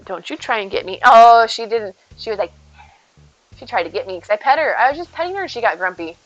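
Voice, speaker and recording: A woman's voice: on the high side, animated, quick pace, highs cut off. A woman streamer chatting casually with her viewers while playing, talking sweetly about her cat. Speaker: live streamer. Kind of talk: casual live-stream chat while gaming.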